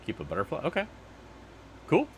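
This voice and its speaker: A man's voice: on the high side, wildly swooping pitch, fairly quick, darkish tone, slight background noise. A man hosting a casual livestream outdoors, rambling and chatty as he answers viewer comments. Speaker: livestream host.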